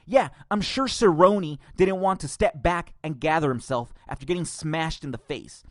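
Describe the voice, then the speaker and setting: A man's voice: a little high, moderate pace, few pauses, no room sound, studio quality. A man hosting a podcast, ranting angrily and profanely with sarcastic laughs. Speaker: podcast host.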